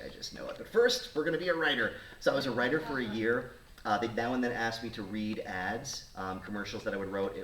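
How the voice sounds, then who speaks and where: A man, a radio talk show host in his thirties, telling a story casually and acting out the voices of the people in it. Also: lowish voice. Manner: animated, acts out quoted voices. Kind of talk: casual storytelling to a studio audience. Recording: roomy sound, mic at a distance, faint noise.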